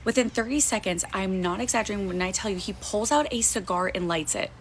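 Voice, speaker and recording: A young woman telling a frightening personal story in a tense, fast retelling that acts out the quotes. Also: medium pitch, a little hiss or hum. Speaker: guest. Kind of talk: casual storytelling.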